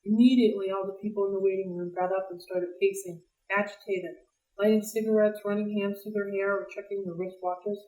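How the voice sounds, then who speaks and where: A woman reading a novel aloud for a library read-along, in a lively, expressive way. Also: mid-range voice, brisk. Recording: roomy, distant mic.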